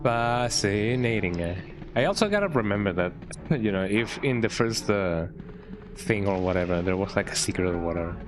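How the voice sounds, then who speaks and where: A man's voice: low voice, lively intonation, fairly quick. A man casually commenting while streaming a video game, chatty and often tagging his lines with "eh". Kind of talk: casual let's-play commentary. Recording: game music behind voice.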